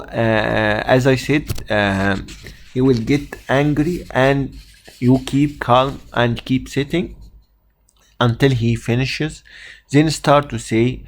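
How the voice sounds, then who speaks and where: Man, Egyptian accent, Arabic native speaker, exam tutor, hesitant delivery, lots of fillers, mid-pitched voice. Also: slow. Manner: hesitant, many fillers and restarts. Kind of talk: spoken lesson.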